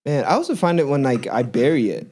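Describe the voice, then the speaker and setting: A man's voice: mid-range voice, quick pace. A man co-hosting a casual faith podcast, telling stories and acting out the dialogue in them. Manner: animated storyteller, acts out dialogue. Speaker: podcast co-host.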